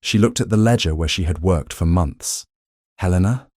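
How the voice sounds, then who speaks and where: A male narrator with a deep, low voice reads a romance story in a measured, dramatic way. The sound is dry and close to the mic. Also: darkish tone, slightly rough, no echo. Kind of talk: scripted romance audiobook narration.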